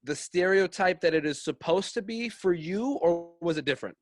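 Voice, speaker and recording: Brief: male podcast host, light chatty questioner, slightly high voice, dry close sound. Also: expressive, no room sound. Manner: chatty, quick, easily amused questioner. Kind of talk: casual podcast interview.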